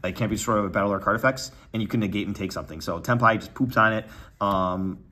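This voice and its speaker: Fast-talking young man breaking down a deck. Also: lowish voice, slight background noise. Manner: quick, filler-heavy, trails off quietly. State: a little out of breath. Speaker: deck profile presenter. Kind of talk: casual card game deck breakdown. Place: card tournament venue.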